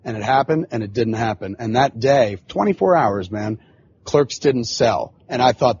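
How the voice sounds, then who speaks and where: A man's voice: mid-range voice, expressive, moderate pace, a little mellow, breathy edge. Profane rambling man, muffled recording. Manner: profane, rambling, frequent filler phrases. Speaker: podcast host. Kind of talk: casual storytelling monologue.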